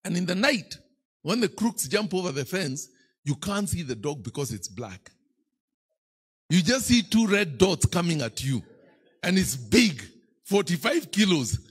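Husky Kenyan bishop, lively sermon. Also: male voice, sits high, unhurried. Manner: playful storytelling, teasing the congregation. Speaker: bishop preaching. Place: church.

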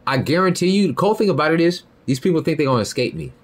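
A man hosting a podcast, delivering a heated, profane monologue that swings between loud high outbursts and low muttered lines. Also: sing-song, very fast. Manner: heated, profane, repeats "you feel me" and "bro". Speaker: podcast host.

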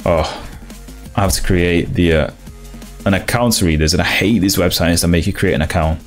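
A young man with a very low voice talks his way through a coding stream, thinking aloud and often restarting his sentences. Faint music plays behind him. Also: steady tone. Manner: thinks aloud, halting restarts, laughs along with chat. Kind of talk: casual live-coding stream.

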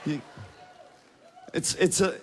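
A man's voice: slow pace, a faint crowd. A man with an Australian accent, a youth pastor preaching and leading prayer with energy. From Australia (Tasmania). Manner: energetic, rising to fervent prayer. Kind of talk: sermon with prayer. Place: large church auditorium. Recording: big church hall reverb.

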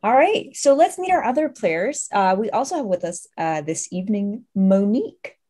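A woman's voice: mid-range voice, sing-song, normal speed, mellow. Upbeat woman game master. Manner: upbeat, chatty. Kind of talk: hosting a tabletop game.

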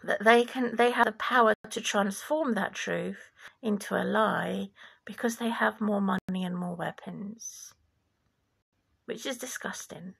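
A woman from former Yugoslavia delivers a slow, deliberate religious monologue with a preachy edge. Her voice is deeply gravelly and creaky, and she speaks at an unhurried, measured pace, sometimes sinking into a whisper. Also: a bit bright. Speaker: vlogger.

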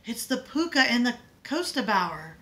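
A woman voicing a frightened little girl who sobs and pleads in a high, tearful voice. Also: big pitch swings, normal speed, a bit bright.

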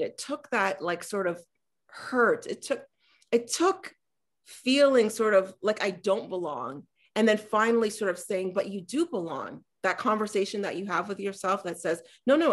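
A woman in her forties, an author talking on a panel over a video call, animated and acting out the voices in her stories. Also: medium pitch. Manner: animated storyteller acting out dialogue. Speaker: author and former politician. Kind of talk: conversational talk on a panel.

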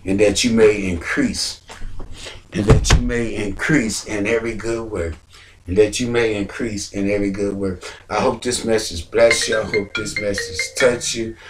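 A man preaching a sermon on giving, repeating phrases and climbing to near-shouts. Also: on the low side, distant mic.

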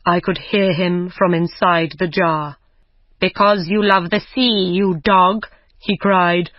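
A threatening giant, read aloud by a storyteller in a learners' audiobook. He speaks slowly and loudly, with middling pitch. The sound is dry and dull, like a lo-fi recording. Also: no echo, natural voice. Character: angry male giant freed from a jar. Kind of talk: simple audiobook reading for learners.

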